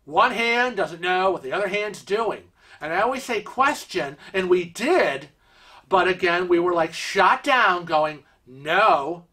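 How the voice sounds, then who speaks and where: A man's voice: high voice, slightly rough. A man hosting a cruise vlog, telling a story casually and rambling with lots of filler words. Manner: lively retelling with acted-out quotes.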